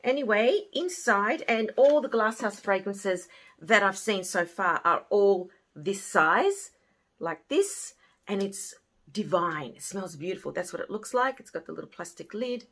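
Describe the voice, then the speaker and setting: A woman casually reviewing beauty products she bought, chatty and often trailing off softly at the ends of her thoughts. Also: mid-range voice, animated, a little slow. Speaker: beauty haul vlogger.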